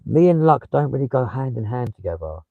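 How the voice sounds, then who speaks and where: A man's voice: medium pitch, big pitch swings, brisk, vocal fry, no room sound, phone-quality sound. A young man with a London accent chatting casually on a livestream, swearing freely and replying to viewers. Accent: London English. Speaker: livestream host.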